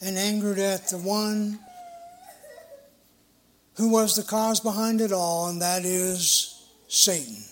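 A middle-aged man preaching a sermon in an earnest, emphatic way, with a measured delivery. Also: sits high, a little hiss or hum.

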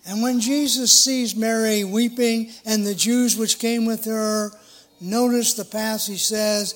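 A middle-aged man preaching a sermon in an earnest, emphatic way, with a measured delivery. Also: high voice, fairly even intonation.

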